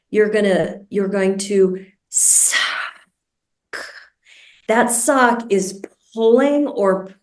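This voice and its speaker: A woman meditation teacher guiding a group through a breathing practice, speaking slowly and deliberately, over a video call. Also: medium pitch, a little mellow. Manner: slow, deliberate, soothing instruction. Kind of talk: guided meditation instruction. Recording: roomy and distant from the mic.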